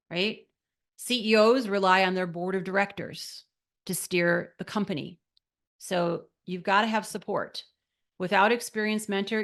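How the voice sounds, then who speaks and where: A woman's voice: medium pitch, fairly bright tone. A middle-aged woman teaching an online course lesson as an art business mentor, emphatic and motivational, often asking rhetorical questions.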